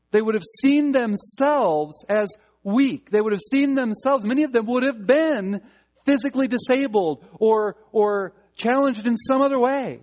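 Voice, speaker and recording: Emphatic high-voiced preacher, dull recording. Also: male voice. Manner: emphatic, repeats words for stress. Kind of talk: sermon.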